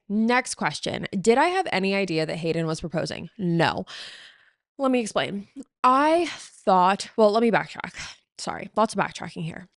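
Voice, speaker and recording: A young adult woman hosting her podcast in a casual, chatty way, full of fillers and quick backtracking. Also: mid-range voice, no room sound, studio quality. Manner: chatty and animated, filler-heavy, often backtracks. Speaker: podcast host. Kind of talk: casual chat.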